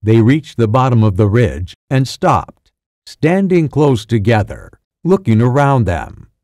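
A man reading an audiobook in a measured, deliberate narration. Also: mid-range voice, very animated, darkish tone, no echo, studio quality.

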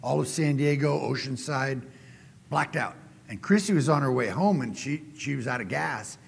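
A middle-aged man preaching a sermon as a guest speaker, telling folksy stories and getting animated when he quotes people. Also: medium pitch, moderate pace, vocal fry, breathy edge. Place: church sanctuary. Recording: church hall reverb.

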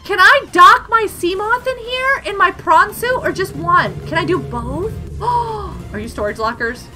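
Bubbly high-voiced woman streamer. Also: a little slow. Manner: excitable, giggly, exclaiming. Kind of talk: live gameplay commentary. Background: game music.

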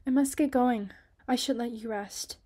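Sweet shy teen girl, soft and polite, higher voice, read by a woman, storybook. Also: moderate pace, natural voice. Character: shy fifteen-year-old girl, sweet and gentle.

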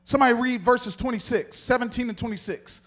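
Male pastor, very high voice, animated sermon, calls out to the congregation. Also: brisk.

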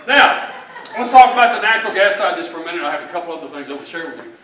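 A man's voice: high-pitched, animated, racing, fairly bright tone, a little hiss or hum. A man from Texas with a Texan accent, giving a folksy, joking keynote talk at a conference. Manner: folksy, joking, plain-spoken. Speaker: economist speaker. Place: large event hall. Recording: echoey hall, from far off.

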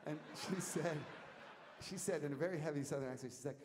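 A man telling a rambling story from the stage of a concert hall, animated and laughing, shouting out the lines he quotes. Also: a little high, brisk. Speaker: musician telling stories on stage. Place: concert hall, live audience. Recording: audience tape in a reverberant hall, faint noise.

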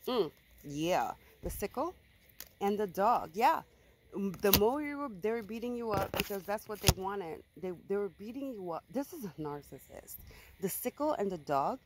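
A woman doing a casual tarot reading for her viewers, speaking bluntly and with emphasis and swearing without hesitation. Her pitch sits in an ordinary middle range. A faint hiss of noise stays under her voice. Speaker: tarot reader.

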